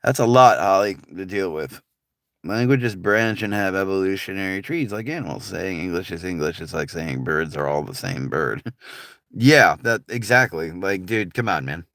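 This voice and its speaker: A man from the United States with a General American accent, chatting with his livestream audience in a laid-back, rambling way. His voice sits on the lower side but comes across bright and forceful. The sound is dry and close, with no room around it. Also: expressive, normal speed, no room sound. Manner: laid-back, rambling, lots of filler words. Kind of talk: casual livestream chat.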